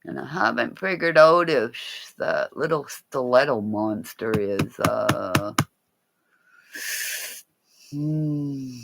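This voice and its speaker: A woman's voice: very deep voice, expressive, takes it slowly, vocal fry, long pauses. Playful rambling Canadian woman streaming late. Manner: playful and rambling, swinging between loud calls and quiet mutters. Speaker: livestreamer. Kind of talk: late-night livestream chat.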